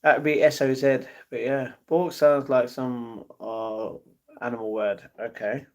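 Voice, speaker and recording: A man's voice: mid-range voice, level tone, a little slow. A man chatting casually on his live stream, answering viewers' messages and talking to his pets between replies.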